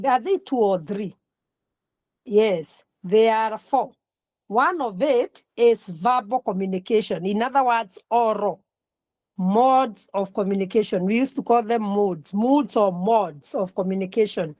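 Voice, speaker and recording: Middle-aged woman, lecturer, slow and repetitive delivery, somewhat high voice. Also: a little mellow, no echo. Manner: repeats words, slow and deliberate explaining. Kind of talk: online class lecture.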